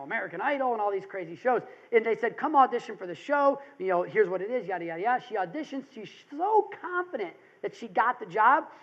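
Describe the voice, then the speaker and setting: A man speaking at a real estate seminar, telling stories and acting out quotes in an animated way. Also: high voice, highs cut off. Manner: animated storytelling, acts out quotes. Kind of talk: motivational seminar talk.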